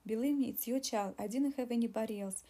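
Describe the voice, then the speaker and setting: In an audiobook reading, a woman with a slightly high, dark-toned voice speaks quickly while voicing a pregnant young woman. The character pleads and argues, sounding insistent throughout.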